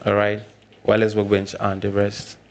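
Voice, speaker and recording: Nigerian male presenter, lowish voice, repeats himself, casual live workshop delivery. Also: monotone, moderate pace, dull audio, a little hiss or hum. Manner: repeats points, frequent "all right" check-ins.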